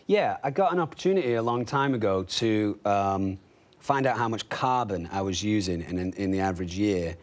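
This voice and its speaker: A man's voice: fairly low pitch, lively intonation, moderate pace. A man from England, an actor chatting as a guest, rambling with lots of you know and like. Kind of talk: casual chat.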